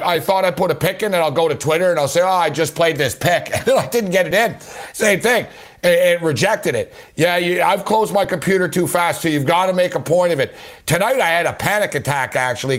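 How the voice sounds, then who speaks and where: A man's voice: on the high side, fairly bright tone. A man hosting a sports betting show, talking casually and rambling with lots of repeated words and fillers. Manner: rambling, repeats words, says "you know" a lot.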